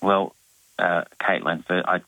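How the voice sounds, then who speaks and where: A man's voice: sits low, fairly even intonation, a little slow, vocal fry, heavy background noise. A man, an actor guest on a radio chat show, talking in a rambling, self-mocking way with many restarts.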